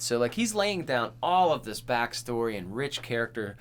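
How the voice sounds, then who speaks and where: A laid-back man co-hosting a podcast, chatting loosely. His pitch swings widely and lively as he talks. He laughs often and slips into quoted lines. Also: normal speed, few pauses, slight background noise. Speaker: podcast co-host. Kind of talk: casual chat.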